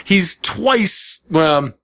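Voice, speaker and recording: A man telling a story in casual chat, animated and profane, acting out the people he quotes. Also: sits high, extremely slow.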